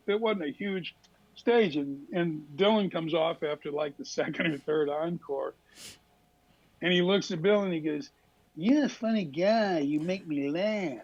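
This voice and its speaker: An older man telling lively anecdotes as a talk show guest, dropping into quick impressions of other people. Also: fairly high pitch, muffled recording. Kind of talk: casual storytelling interview.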